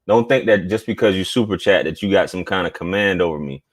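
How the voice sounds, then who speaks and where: A man's voice: sits low, fast. A man hosting a casual live stream, talking in a laid-back, slangy way and reading viewer chats aloud.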